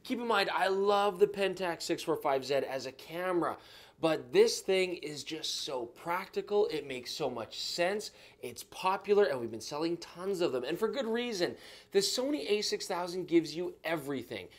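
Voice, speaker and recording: A man's voice: high-pitched, animated, normal speed. A man co-hosting a camera review show, joking around casually while having a few drinks. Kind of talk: casual product review banter.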